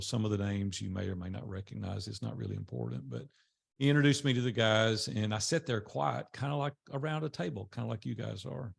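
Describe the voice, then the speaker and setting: An older man tells a personal story to a small group. His voice is gravelly and a bit husky, at a middling pitch. He talks in a loose, conversational way and acts out the voices of the people he quotes. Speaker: speaker telling his life story.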